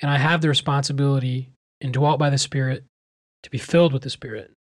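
A man's voice: medium pitch, steady tone, fast talker, dry recording, clean studio sound. A man co-hosting a podcast, speaking earnestly and personally about his own struggles. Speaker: podcast co-host and teacher. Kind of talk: reflective podcast discussion.

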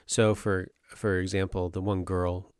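A man's voice: sits low, a little slow, smooth, no room sound, studio quality. A man casually retelling and discussing a novel with friends, rambling with fillers. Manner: rambling, animated summarizing with filler words. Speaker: book club member.

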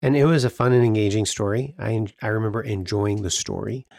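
A man with a low voice who co-hosts a casual book podcast. He talks in a measured, hesitant way. The recording is close and dry. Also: vocal fry, a little mellow, dry recording. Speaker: podcast co-host. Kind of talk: casual chat.

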